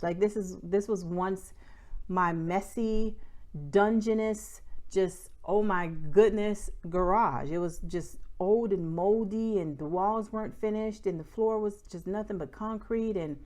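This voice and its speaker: A woman's voice: medium pitch, measured pace, darkish tone. A young woman talking candidly to camera about her small business, with lots of "like" and "y'all". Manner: candid, chatty, says "y'all" and "like" a lot. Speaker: small business owner and vlogger. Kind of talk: casual chat to camera.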